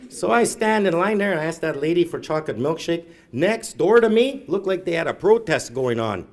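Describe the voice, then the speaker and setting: A man's voice: a little high, animated, brisk. A middle-aged man doing stand-up storytelling, rambling and self-mocking, tagging "eh" onto his lines. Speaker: comedian. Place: live event room.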